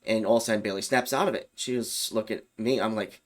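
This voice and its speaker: Young man, lowish voice, rambling casual storyteller. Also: fast talker. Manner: loose and rambling, with fillers and self-corrections. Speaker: YouTube storyteller.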